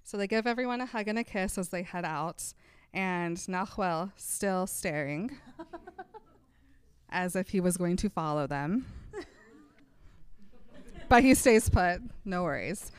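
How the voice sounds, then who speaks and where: Smooth-voiced woman recapping with giggles. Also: lowish voice, measured pace, pauses often, dry recording. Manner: laughing often while acting out quoted lines. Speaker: podcast co-host. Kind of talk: casual chat retelling a book.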